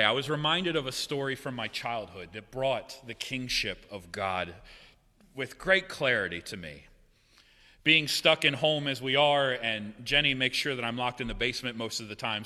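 A man preaching a sermon with a bright, forceful voice, his words trailing off into a long reverb in a big hall. He talks in a relaxed, joking way, then drops to hushed tones for weight. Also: mid-range voice. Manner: conversational, joking, dramatic swings from loud to hushed. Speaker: pastor.

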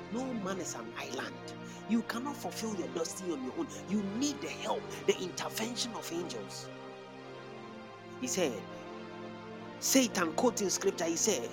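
A man preaching a sermon to a congregation, calling out and speaking in tongues between scripture. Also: fairly high pitch. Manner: preaching with lively rising calls. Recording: music playing behind.

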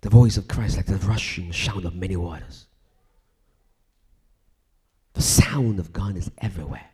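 A man preaching a live sermon, swinging from loud emphatic declarations to hushed near-whispers, with repetitive rhythmic phrasing. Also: deep voice, measured pace, slightly rough.

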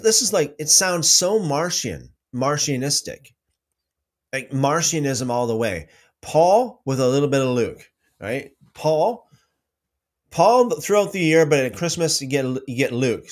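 A man hosting a casual livestream about faith, reading out viewer comments and telling stories with many restarts. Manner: rambling, restarts often, lively pitch swings when telling stories.

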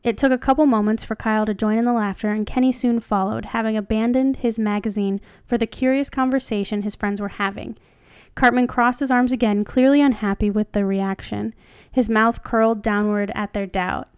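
A woman's voice: a little high, fairly even intonation, fairly quick, darkish tone, clear, resonant tone, no echo, studio quality. A woman co-hosting a casual podcast, reading a fan story aloud and breaking off to joke and comment. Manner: chatty, joking, stops to comment.

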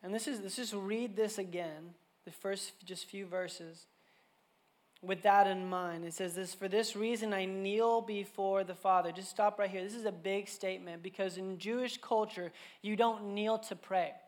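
A man in his thirties preaching a sermon to a church congregation, telling family stories in a casual, animated way full of fillers. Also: high-pitched, moderate pace. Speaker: pastor.

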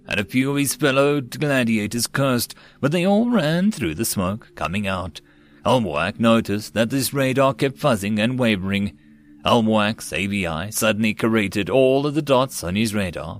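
A man narrating a web novel as an audiobook, in a steady storytelling read. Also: medium pitch.

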